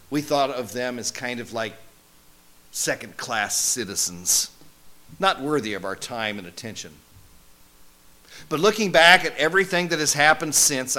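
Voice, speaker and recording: A man playing a male disciple who recalls his travels in a first-person monologue, wry and conversational, with lively swings in emphasis. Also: medium pitch. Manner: conversational, wry, animated storytelling.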